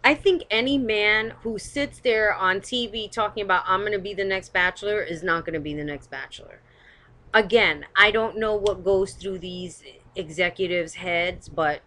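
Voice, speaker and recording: A woman's voice: medium pitch, a bit bright. A woman giving casual, opinionated commentary as host of her own live stream. She talks bluntly, swears, and rambles with lots of hedging, recorded on a webcam. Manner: blunt and rambling, swears, hedges with "I don't know".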